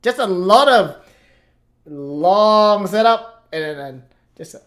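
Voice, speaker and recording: A woman's voice: medium pitch, animated, takes it slowly. A woman hosting a reaction video, giving laid-back, slangy commentary and laughing often. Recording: loud rap music playing behind. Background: hip hop music.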